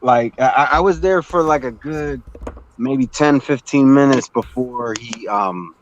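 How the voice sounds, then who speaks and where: A man joining a livestream as a guest, speaking hesitantly with many pauses and ums. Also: medium pitch, slight background noise. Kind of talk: casual livestream chat. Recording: muffled call-in audio.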